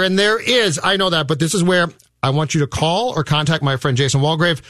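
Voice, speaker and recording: A man's voice: sits high, a little fast, hardly any pauses, fairly bright tone, no echo, studio quality. A man co-hosting sports talk radio, ranting in an exasperated, emphatic way.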